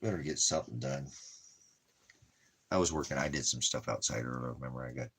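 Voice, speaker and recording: A man's voice: extremely low pitch, a little fast, fairly bright tone, husky. A man chatting casually and rambling on a livestream at home, often talking fondly to his dogs. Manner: talks to his dogs in a doting, repetitive way. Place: at home indoors.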